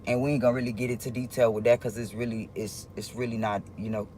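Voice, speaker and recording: A man speaks straight to his viewers on a livestream, his voice sitting at an ordinary middle pitch. He rambles and stops often, restarting his sentences as he goes, in an earnest, confiding tone. A faint ambient hum stays in the background. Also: little pitch movement, darkish tone. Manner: rambling, halting, with many restarts. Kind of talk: casual livestream monologue.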